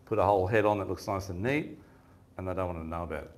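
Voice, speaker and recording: A man's voice: low-pitched, fast talker, slight background noise. A man giving a fishing seminar, telling rambling stories in a casual chatty way and laughing often. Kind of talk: casual storytelling talk. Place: seminar room with audience.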